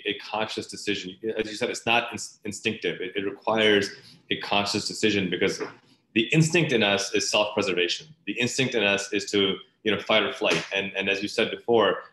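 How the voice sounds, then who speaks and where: A male interviewer with a low voice asks careful, thoughtful questions at a measured pace. His voice carries a noticeable echo, as if he is recording in a bare room. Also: fairly bright tone. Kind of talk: conversational interview. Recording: echoey room.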